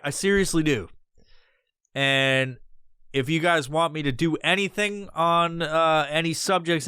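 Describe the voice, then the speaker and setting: A man hosts his own podcast alone, talking off the cuff and drifting onto side trails. His speech is packed with profanity, but his voice is smooth and resonant. The sound is dry and close, with no room in it. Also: a little high, fairly bright tone, no room sound. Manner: rambling, heavily profane, off-the-cuff. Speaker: podcast host. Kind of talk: casual solo podcast monologue.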